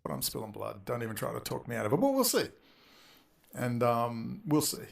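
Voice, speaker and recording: Man, mid-pitched and gravelly, delivering a rambling furious rant full of swearing. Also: sing-song, brisk. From Australia. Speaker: online video maker. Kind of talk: profane angry rant.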